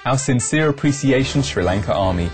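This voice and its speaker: A man presenting scripted good-news reports in a gentle, earnest way. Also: mid-range voice, lively intonation, a little fast. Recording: music underneath.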